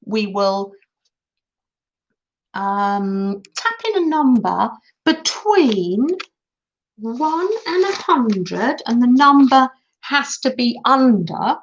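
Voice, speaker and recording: Hosting a crafting live stream, a middle-aged woman keeps up a chatty, giggly conversation with her viewers while she works on a casual tutorial. She speaks on the high side in a sing-song way, drawing out words and leaving long pauses. The audio is dull and lo-fi.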